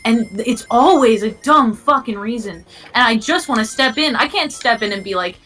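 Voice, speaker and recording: A woman's voice: on the high side, expressive, normal speed, few pauses, fairly bright tone, soft background music, rough recording. A woman in a casual gaming chat, talking bluntly and swearing often. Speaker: co-host.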